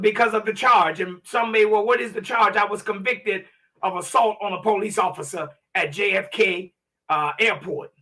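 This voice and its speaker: A man with a high, very bright voice recounts his story as an interview guest, earnest and full of restarts. He sounds set back a bit from the microphone. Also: recorded from a distance. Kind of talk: personal storytelling.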